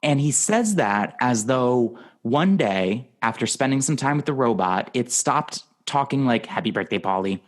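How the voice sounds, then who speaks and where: A man hosting a podcast in casual movie talk, animated and acting out quotes with laughs. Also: medium pitch, a little slow, few pauses. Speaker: podcast host.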